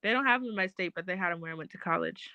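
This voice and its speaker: A woman's voice: fairly low pitch, rapid-fire, creaky, sharp tone, low-quality recording. A young woman co-hosting a casual chat, blunt, profane and joking. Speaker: podcast co-host.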